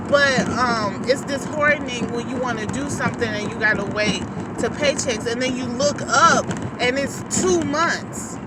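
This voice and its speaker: Woman rambling slangy and laughing while driving, mic kinda far, car noise behind. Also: a little high. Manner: chatty, laughing, slangy and candid. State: new mother on maternity leave. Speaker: vlogger. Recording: distant mic, road noise. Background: car and road noise.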